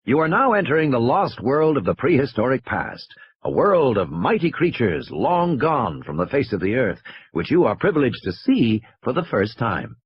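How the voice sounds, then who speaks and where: A man's voice: medium pitch, very animated, moderate pace, husky, no echo. A man voicing a grand male announcer on a park tour recording, sonorous and showy. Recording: dull lo-fi recording.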